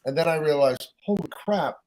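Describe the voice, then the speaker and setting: A man's voice: fairly high pitch, moderate pace, a little mellow. A man from California with a standard American accent on a podcast, asking questions and reading viewer questions from the chat. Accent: General American. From California, USA. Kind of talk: casual chat.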